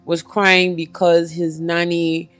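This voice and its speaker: A woman hosting a podcast, a mother who chats casually and tells lively stories. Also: fairly low pitch, slow, soft background music.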